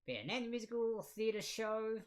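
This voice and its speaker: A man's voice: high-pitched, animated, a little fast. A young man hosting a livestreamed quiz night in a casual, joking, self-deprecating way, laughing often. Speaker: trivia quiz host.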